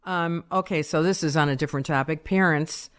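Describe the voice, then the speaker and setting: A woman's voice: low voice, a little fast. Older woman ranting as a podcast co-host. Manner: opinionated, complaining rants. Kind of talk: casual generational debate chat.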